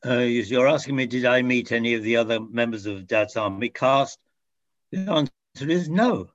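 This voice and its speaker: A man's voice: mid-range voice, moderate pace, no room sound. Older man reminiscing, dry and muffled. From France. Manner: rambling, self-correcting, chuckling. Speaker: actor. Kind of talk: reminiscing interview answer.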